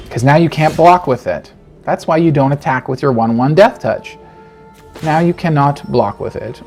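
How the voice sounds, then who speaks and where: A man giving casual, animated commentary on his own card game, talking to himself and joking through his frustration. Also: fairly high pitch, unhurried, music in the background. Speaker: game streamer. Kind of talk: gameplay commentary.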